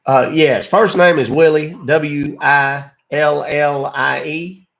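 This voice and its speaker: A man's voice: fairly high pitch, fairly even intonation, slow pace, vocal fry, fairly bright tone, exaggerated voice. A man with a still-recovering voice, playing a polite, rambling caller who fumbles his numbers. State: voice not fully recovered. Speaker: scam-baiting caller.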